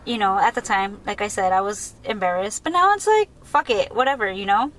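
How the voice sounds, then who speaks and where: A young woman hosting a podcast, telling a story in a casual, excitable way, full of "like" and laughter. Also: medium pitch, brisk. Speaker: podcast host.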